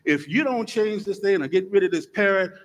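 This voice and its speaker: A man voicing an indignant woman customer who loudly demands the manager, in a joke told during a sermon. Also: mid-range voice, animated, very fast, lightly acted. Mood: outraged. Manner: outraged, demanding, loud. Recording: long church hall reverb.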